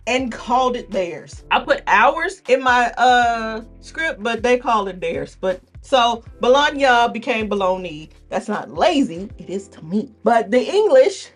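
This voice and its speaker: A woman hosting a casual educational monologue, animated and joking, with rhetorical asides. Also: on the high side. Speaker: host.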